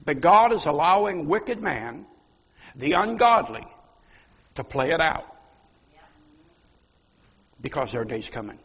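A man preaching a sermon, fiery and emphatic, with sudden loud outbursts. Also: fairly high pitch, sing-song, slow, long pauses, slightly rough, long reverb tail. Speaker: pastor.

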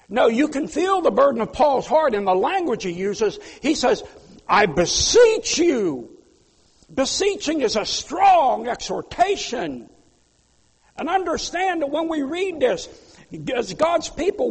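A man preaching a sermon, his voice high and gravelly with a husky edge. He rises into loud pleas, then drops to quiet asides. A long hall reverb trails behind every phrase. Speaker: pastor.

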